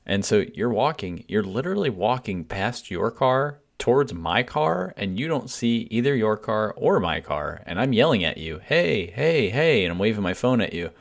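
A man's voice: lowish voice, lively intonation, normal speed, vocal fry, hardly any pauses. A man co-hosting a podcast in casual chat, laughing and teasing as he tells his side of a story. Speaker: podcast co-host.

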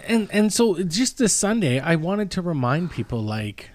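A man's voice: high-pitched, big pitch swings, moderate pace, a little mellow, no echo. A man in his thirties, a pastor, talking earnestly in a casual chat, rambling with many restarts.

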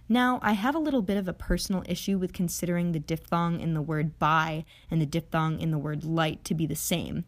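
A young woman hosting an audio lesson on phonetics, explaining vowels in a chatty way with playful asides and slowing down to model each sound. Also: on the low side. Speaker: podcast host teaching phonetics. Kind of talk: educational podcast lesson. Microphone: audio-only podcast recording.

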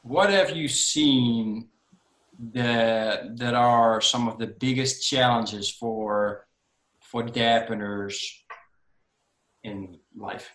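A man's voice: medium pitch, extremely slow, fairly bright tone. Guy hosting a podcast, easy conversational talk, lots of echo in the room. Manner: conversational, frequent brief backchannels. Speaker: podcast host. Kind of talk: interview conversation. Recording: echoey room.

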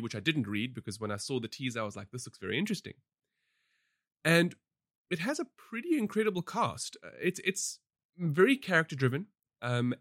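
Male podcast host, mid-pitch, rambling casual film chat, close dry mic. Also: a bit bright, no echo. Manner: rambling, chatty, laughs often, many fillers. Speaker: podcast host reviewing films.

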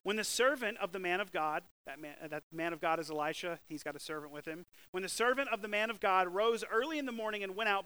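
A man preaching a sermon with lively swings between loud, emphatic bursts and hushed, slow scripture reading. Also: high voice, clear, resonant tone, dry recording, low-quality recording. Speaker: pastor.

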